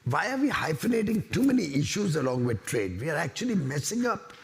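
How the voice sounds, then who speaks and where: Gravelly-voiced Indian man, emphatic. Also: on the high side, very animated, a little fast. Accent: Indian English. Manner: assertive, emphatic, with repeated points. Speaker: government minister. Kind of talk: panel discussion.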